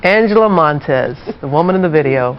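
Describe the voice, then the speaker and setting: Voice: mid-range voice, lively intonation, fairly quick. A morning show host asking sympathetic, prompting questions in a broadcast interview. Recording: dull broadcast audio with faint noise.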